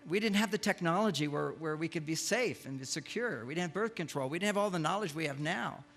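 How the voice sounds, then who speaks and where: An older man giving a humorous lecture to a live audience, an animated storyteller who acts out the lines he quotes. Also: a little high, brisk. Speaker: speaker giving a talk.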